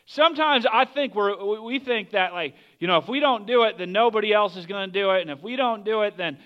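A man with a fairly high voice preaches a sermon in a loose, conversational way, asking the listeners questions as he goes. The recording sounds dull and lo-fi. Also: fairly quick, smooth. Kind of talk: casual sermon.

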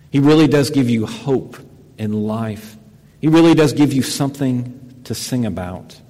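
A man preaching a sermon as a pastor, earnest, slowing into soft, emphatic repetition. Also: mid-range voice. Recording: long reverb of a large room.

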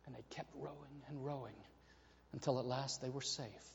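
A man preaching a sermon to his congregation, telling a story with animated delivery and acting out the voices in it. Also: mid-range voice, normal speed, gravelly. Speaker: pastor. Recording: reverberant hall, dull lo-fi sound.

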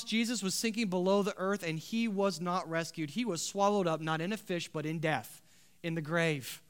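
A man preaching a sermon, building to loud emphatic swells and dropping to quiet, earnest tones. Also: high-pitched, normal speed, clear, resonant tone. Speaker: pastor.

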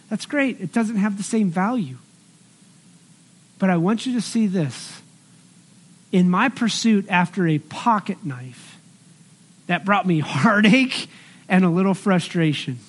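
A middle-aged male pastor with a notably high voice preaches in an earnest, conversational way. He moves between scripture and homely personal stories, speaking directly to his congregation. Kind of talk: sermon.

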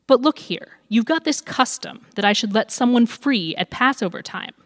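A woman voicing a stern male Roman governor who presses with sharp, insistent questions, read aloud in a reverberant room. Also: a little high, lively intonation, normal speed, pitched above the performer's own voice, natural voice. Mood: pressing. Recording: long hall reverb.

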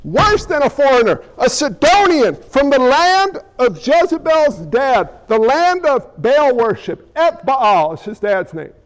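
Man, preacher, sermon, very high voice, animated, rhetorical questions, long hall reverb. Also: measured pace, hardly any pauses.

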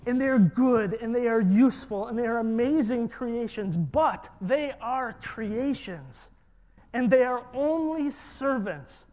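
Preacher, sermon, slow deliberate delivery, emphatic, congregation repetition. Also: medium pitch, expressive, darkish tone.

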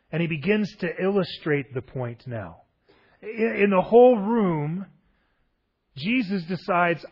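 Husky man preaching a casual sermon. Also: a little high, moderate pace, lo-fi sound. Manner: conversational, animated, asks rhetorical questions. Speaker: pastor.

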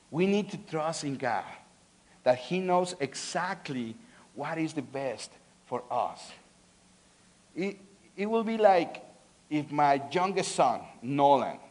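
A man, swinging between loud pleading and soft earnestness, often restarting and repeating words. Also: fairly high pitch. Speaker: preacher. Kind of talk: sermon.

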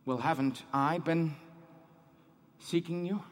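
A man's voice: on the high side, fairly even intonation, takes it slowly, a little hiss or hum. An actor playing a devout, troubled man who reads scripture aloud and keeps questioning his own guilt and faith. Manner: questioning, searching, self-doubting. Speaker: man reading scripture alone. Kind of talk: dramatic monologue.

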